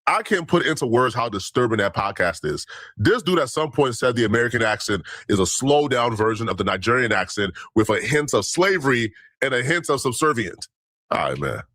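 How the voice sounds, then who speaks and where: A man's voice: mid-range voice, big pitch swings, a little fast, fairly bright tone, no room sound. A man hosting a news commentary show, talking emphatically and repeating himself when indignant. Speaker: host.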